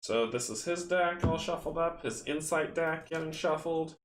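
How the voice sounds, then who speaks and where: A man's voice: a little high, normal speed, over music. A man hosting a card game stream, reading rules aloud and chatting with viewers in a casual, self-mocking way. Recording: roomy echo with faint background noise.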